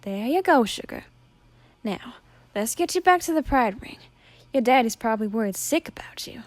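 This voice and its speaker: A woman's voice: mid-range voice, animated, takes it slowly, mellow, no echo. A woman voicing a motherly figure who soothes and calls others hon and sugar. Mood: soothing.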